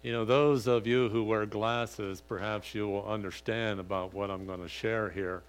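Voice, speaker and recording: An older grandfather and pastor preaching, telling a rambling personal story full of "you know" and getting animated when he retells what was said. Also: lowish voice, moderate pace, smooth. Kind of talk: sermon with folksy personal story.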